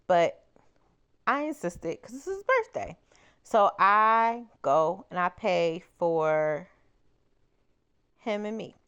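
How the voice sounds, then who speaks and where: A woman crochet vlogger chatting casually as she tells a personal story, animated and exclaiming. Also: medium pitch, slow, pauses often, clean tone.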